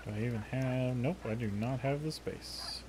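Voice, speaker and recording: A man's voice: mid-range voice, normal speed, noisy background. A man streaming a game and chatting casually to viewers, muttering to himself with half-finished thoughts. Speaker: livestreamer. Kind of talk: casual gameplay chat to viewers.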